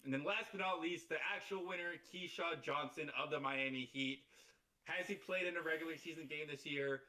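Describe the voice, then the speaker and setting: A man co-hosting a casual sports podcast, talking in a wry, mocking, animated way. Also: fairly high pitch, brisk. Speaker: podcast co-host.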